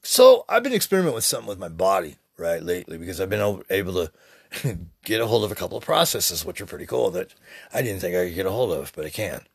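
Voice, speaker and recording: Gravelly low-voiced man in his sixties. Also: very animated, fast, dry recording, clean studio sound. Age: 60s. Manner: rambling, preachy and profane. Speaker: podcast host. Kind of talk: spiritual motivational monologue.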